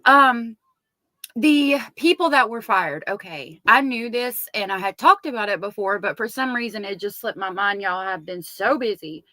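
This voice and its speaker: Bright-voiced Southern woman hosting a live chat. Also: medium pitch, lively intonation, normal speed, dry recording. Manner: chatty, greets viewers by name. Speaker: true crime live stream host. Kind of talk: casual live chat with viewers.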